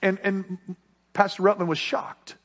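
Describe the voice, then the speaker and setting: A man's voice: sits high, flat delivery, a little slow. A man preaching a sermon, telling a story in an earnest voice that rises with the tension and drops when he gets to the lesson. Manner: earnest, rising then hushed.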